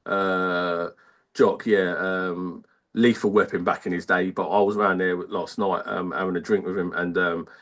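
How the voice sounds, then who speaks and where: A man, an army veteran telling stories in a casual radio interview, halting and rambling with many fillers. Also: low-pitched, flat delivery, fairly bright tone.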